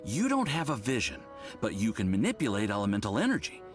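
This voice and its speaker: Eager young lab assistant. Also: male voice, on the low side, wildly swooping pitch. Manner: eager, polite, quick. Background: faint game music.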